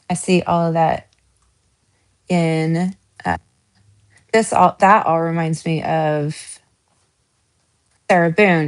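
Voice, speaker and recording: A woman's voice: lowish voice, darkish tone. A woman from the American South with a Southern accent, hosting a casual true crime chat, giggly with lots of ums and restarts. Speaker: true crime channel host.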